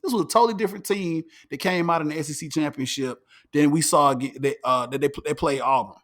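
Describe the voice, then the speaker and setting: High-voiced emphatic man. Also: fast. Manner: animated and emphatic, repeating words. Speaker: podcast host. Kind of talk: casual sports chat.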